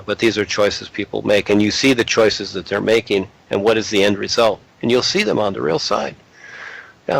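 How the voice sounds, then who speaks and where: Low, gravelly man, blunt spiritual lecturer. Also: dry recording, low-quality recording. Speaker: spiritual speaker. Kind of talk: casual spiritual talk.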